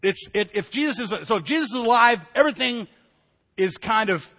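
A male pastor preaching a sermon, pitched high for a man, talking in an animated, conversational way. He jokes with the congregation and acts out little quotes. His voice rings through a church hall with a long reverb. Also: fairly quick.

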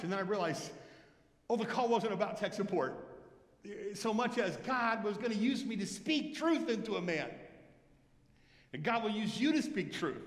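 A man delivers a sermon in an earnest, exhorting tone, and his voice sits noticeably high for a man. The sound rings through a roomy church hall, with a long reverb trailing each phrase. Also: expressive, normal speed. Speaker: lead pastor. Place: church sanctuary.

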